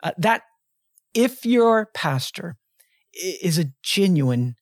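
A man's voice: high-pitched, sing-song, slow pace, no echo, studio quality. A man in his fifties, a pastor, talking on a podcast in an earnest, reflective way with frequent restarts. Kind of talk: podcast conversation, telling a personal story. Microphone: close studio mic.

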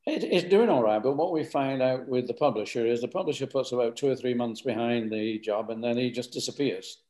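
This guest is an author from the north of England, speaking in a medium pitch, a little fast, with a darkish tone. It's a casual interview chat, and he wanders in his talk, repeating words often.

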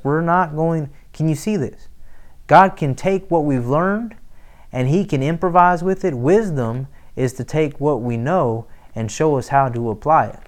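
A man preaching a sermon, emphatic, with soft near-whispered asides. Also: medium pitch. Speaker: pastor.

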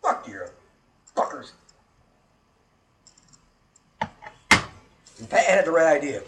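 A man's voice: on the high side, huge pitch swings, a little slow, background noise. A man hosting a casual podcast chat, ranting animatedly and swearing a lot.

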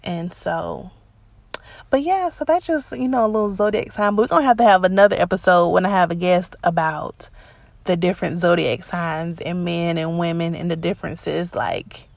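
Woman, podcast host, casual chat to listeners, animated, gravelly fry, dry close sound. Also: lowish voice, moderate pace, no echo. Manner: chatty, animated, acts out her own replies in quotes.

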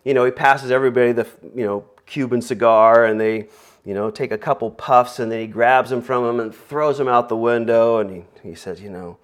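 A man's voice: medium pitch, fairly even intonation, fairly quick. A man preaching a conversational sermon in a rambling way, full of fillers, asides and jokes. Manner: rambling, filler-heavy, joking.

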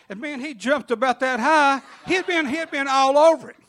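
A man telling an animated, funny story to a church congregation. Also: extremely high pitch, a little fast, few pauses.

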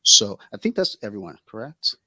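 A man's voice: on the low side, very animated, normal speed, bright, forceful tone, no room sound, poor audio. A man hosting a casual podcast, talking loosely with many fillers and restarts. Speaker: podcast host.

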